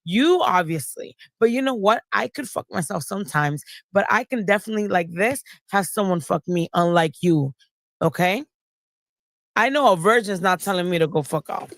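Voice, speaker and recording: A woman's voice: mid-range voice, animated, normal speed, no room sound. Woman on stream roasting somebody, blunt n sweary, dry mic. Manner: blunt, mocking, heavy swearing. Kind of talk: casual livestream chat.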